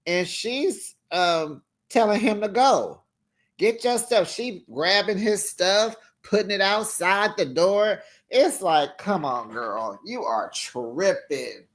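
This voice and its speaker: A reality TV reviewer giving casual commentary to the camera, animated and talking straight to the cast. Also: medium pitch, slow pace, hardly any pauses. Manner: animated, talks straight to the cast, acts out quotes.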